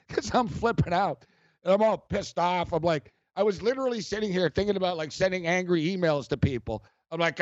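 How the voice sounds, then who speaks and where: A man hosting a sports talk show, rambling and animated, with many fillers and frequent laughs. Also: high voice, moderate pace, dry recording, lo-fi sound. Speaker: sports radio host.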